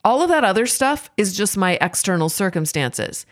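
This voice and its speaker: A woman's voice: medium pitch, big pitch swings, normal speed. A woman speaking in a candid, self-examining way, giving a reflective monologue on faith and parenting.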